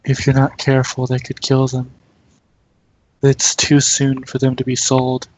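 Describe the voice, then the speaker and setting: A man voicing a quiet, calm female plant creature who speaks by telepathy. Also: medium pitch, measured pace, slight background noise, lightly acted, low-quality recording. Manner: soft, calm, matter-of-fact.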